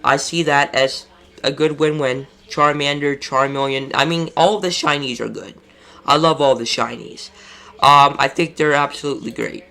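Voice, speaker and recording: Bright-voiced man ranting. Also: on the high side, fairly even intonation, moderate pace, vocal fry. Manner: frustrated, exasperated, profane. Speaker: collectibles YouTuber. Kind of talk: casual ranting commentary.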